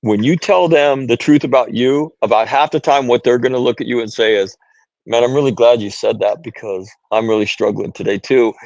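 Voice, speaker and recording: Speaking a little fast in a mid-range, darkish voice, this earnest middle-aged author from the United States appears as a podcast guest and tells conversational stories. He keeps restarting phrases, repeats "right?", and quotes other people, all in a lo-fi recording with no echo.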